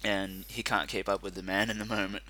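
A man co-hosting a casual chat, rambling and animated with lots of fillers. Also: sits low, brisk. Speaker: podcast co-host.

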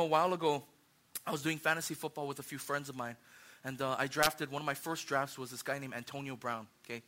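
A young man preaching a sermon, animated, acting out little scenes and swinging from hushed lines to loud ones. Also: mid-range voice. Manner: animated, acts out voices, swings from hushed to shouting. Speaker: pastor.

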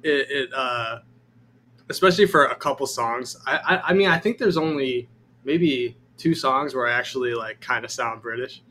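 A man's voice: mid-range voice, normal speed, pushed and bright, a little hiss or hum. A man from the Chicago suburbs, a musician guest in an interview, talking in a hesitant, laid-back way. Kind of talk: casual interview chat.

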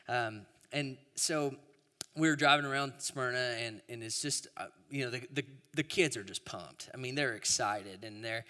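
Conversational pastor in a reverberant hall. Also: male voice, medium pitch, bright, forceful tone. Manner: storytelling, conversational, with repeated restarts. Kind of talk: sermon.

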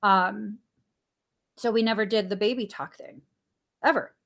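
Woman guest, casual anecdotal storyteller; animated delivery with frequent laughter and acted-out dialogue. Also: unhurried. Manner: animated, laughs often while telling stories; acts out dialogue with sudden pitch jumps. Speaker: stay-at-home mom and podcast guest.

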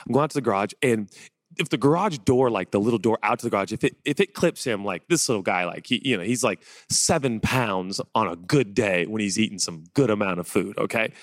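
A man preaching a conversational sermon, telling personal stories in a chatty, animated way and building to excited rhetorical questions. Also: fairly low pitch, fairly quick, no room sound. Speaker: pastor.

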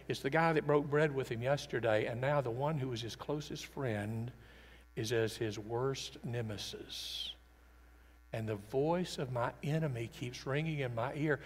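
A man preaching a sermon, earnest and emphatic, swinging between loud declarations and quiet, intimate passages. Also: medium pitch. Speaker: pastor. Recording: long reverb of a large hall.

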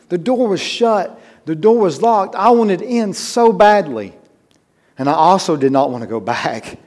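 A man's voice: on the high side, darkish tone. A man preaching a sermon, telling a personal story in a conversational way that builds to emphatic urgency.

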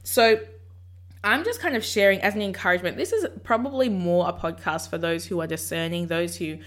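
Her pitch is fairly low and her pace fairly quick as she hosts a podcast offering casual encouragement about faith. She reflects thoughtfully and dramatizes the conversation going on in her own head.

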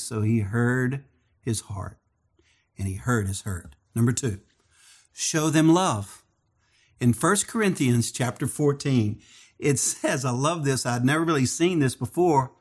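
A man preaching a sermon as pastor, telling stories and acting out the dialogue in a higher voice. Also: slow pace, pauses often, husky. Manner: animated storytelling, acts out dialogue in a higher voice.

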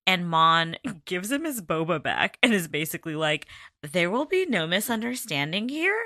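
A woman's voice: lowish voice, sing-song, normal speed, bright, forceful tone, no room sound, clean studio sound. A woman co-hosting a casual chat, recapping a drama, laughing often and swearing casually. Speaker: podcast co-host recapping a drama.

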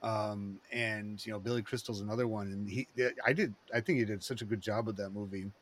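A man talking in a rambling, excitable way, with lots of fillers and restarts, in a casual chat. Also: on the low side, a little fast.

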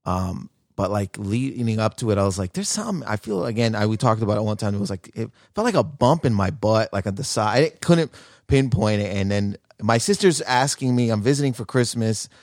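A man's voice: fairly low pitch, brisk, no room sound, studio quality. A man co-hosting a podcast, telling a story in casual chat and acting out family members' lines. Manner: animated, acts out family voices. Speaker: podcast co-host.

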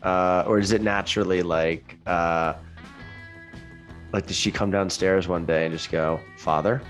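A man with a fairly low voice co-hosts a casual podcast, throwing out playful, teasing questions. Light guitar music sits quietly behind him. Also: steady tone, unhurried. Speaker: podcast co-host.

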